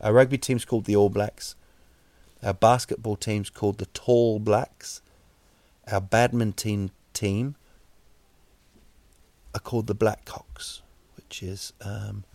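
A man with a New Zealand accent hosting a solo podcast, rambling deadpan jokes with many fillers and restarts. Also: lowish voice, slow pace, creaky, long pauses, dry recording. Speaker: podcast host. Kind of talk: solo comedic podcast monologue.

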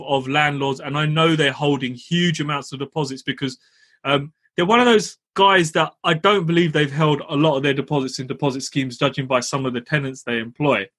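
Husky-voiced man telling a story. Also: fairly high pitch. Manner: animated, laughs while telling, swears casually. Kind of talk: casual storytelling.

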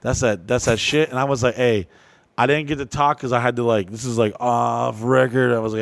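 A man co-hosting a podcast, telling profane stories with loud put-on quotes. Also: mid-range voice, brisk, gravelly, no echo. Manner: rowdy, animated storytelling with put-on quotes. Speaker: podcast co-host. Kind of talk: profane casual chat. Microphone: studio microphone and headphones.

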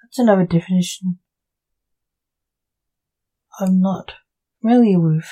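A woman's voice: lowish voice, measured pace, dark tone, poor audio. A woman voicing a sarcastic, jesting young male necromancer teasing his father in a read-aloud story.

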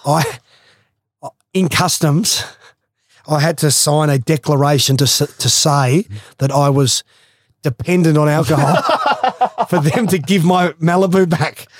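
A man's voice: a little high, a little slow. Aussie guy, guest yarning away, swears a lot, dry close sound, no room echo. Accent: Australian. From Australia. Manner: swears freely, rambling anecdotes. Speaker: guest, former athlete. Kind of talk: casual storytelling.

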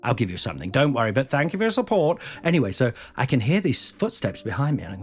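A man's voice: medium pitch, fast, faint music behind. A man in his forties casually telling a funny personal story as podcast host, swearing and acting out the voices. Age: 40s. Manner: lively, swears, acts out voices.

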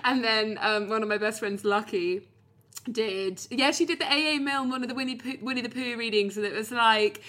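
A woman's voice: fairly high pitch, normal speed, a bit bright. A young British woman co-hosting a podcast, telling a story in casual chat, swearing freely and laughing often. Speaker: podcast co-host.

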